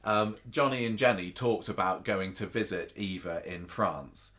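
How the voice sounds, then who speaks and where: A man's voice: lowish voice, unhurried, a bit bright. A man co-hosting a casual podcast chat, rambling with frequent restarts and chuckles. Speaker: podcast co-host. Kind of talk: casual chat about a soap opera.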